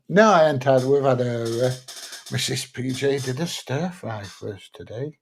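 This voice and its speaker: A man's voice: mid-range voice, lively intonation, moderate pace, gravelly, soft background music. A middle-aged man, chatting casually on a live stream and reading out viewer comments, thinking aloud with plenty of fillers.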